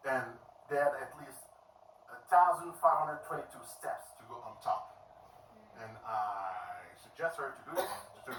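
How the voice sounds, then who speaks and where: Middle-aged Swiss French man, stand-up comic, animated, bright voice, roomy distant sound in a club. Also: fairly high pitch, slight background noise. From Switzerland. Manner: animated, acts out characters with yells and cries. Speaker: stand-up comedian. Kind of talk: stand-up comedy set. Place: comedy club stage.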